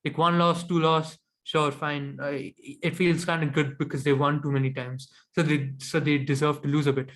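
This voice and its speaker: A man's voice: a little high, level tone, normal speed, hardly any pauses, a bit bright. A man co-hosting a cricket podcast, giving opinionated, analytical takes in casual chat.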